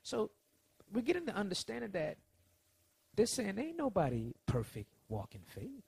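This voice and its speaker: A man preaching a sermon, swinging between soft lines and loud ones as he acts out quotes. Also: sits high, huge pitch swings, normal speed, creaky, breathy edge, no room sound.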